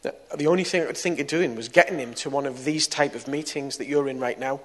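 A middle-aged man preaches to a gathering. He tells a personal story, and his voice moves between quiet, confiding passages and sudden loud bursts. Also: mid-range voice, fast. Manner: storytelling, swings from soft to loud. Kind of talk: testimony sermon.

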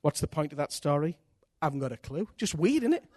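A man preaches, telling personal stories in an animated, candid way and poking fun at himself. His voice sits high for a man. The recording is dry and close. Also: fast talker, no room sound. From Britain. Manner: animated, candid, self-mocking humor. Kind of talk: sermon with personal storytelling.

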